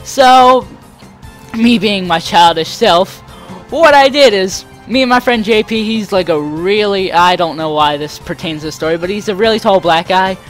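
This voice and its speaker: Faint music plays behind a young man who hosts a let's play and tells a casual story over gameplay. He rambles animatedly and acts out the people involved, in a high-pitched voice at a moderate pace.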